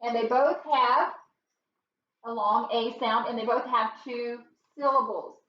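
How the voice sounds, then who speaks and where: A woman's voice: a little high, fairly even intonation. A woman teacher leading a classroom phonics lesson, patient and encouraging, recorded in a classroom. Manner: patient, encouraging, slow and drawn-out. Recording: roomy and dull, from far off.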